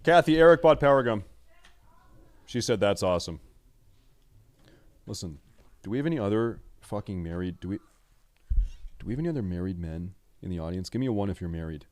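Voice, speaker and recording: A man's voice: sits low, lively intonation, fast talker, long pauses. A young man chatting loosely and swearing while live-streaming a game, joking with his viewers. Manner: loud, joking, swears, rambles. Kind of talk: casual live-stream chat while gaming.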